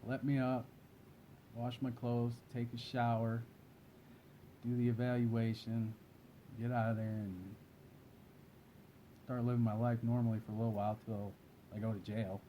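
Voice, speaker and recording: A man telling a personal story in plain, low-key, casual speech. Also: little pitch movement, moderate pace, pauses often, mellow, a little hiss or hum, low-quality recording. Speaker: guest.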